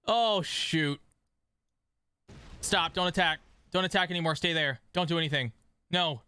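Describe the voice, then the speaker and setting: A man streaming a strategy game live, swinging between excited shouts and quiet muttering, scolding his chat. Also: on the high side, a little slow, pauses often, clear, resonant tone, dry recording. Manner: swears mildly, talks to chat.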